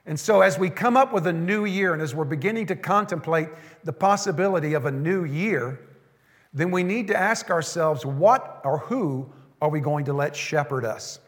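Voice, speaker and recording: A pastor preaching a sermon, slowing down to stress the scripture lines he quotes. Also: on the high side, expressive, big-room sound.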